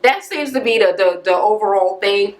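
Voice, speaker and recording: A woman's voice: medium pitch, animated, normal speed, poor audio. A woman vlogger recapping a reality TV episode in casual, blunt, profane talk, full of fillers and asides.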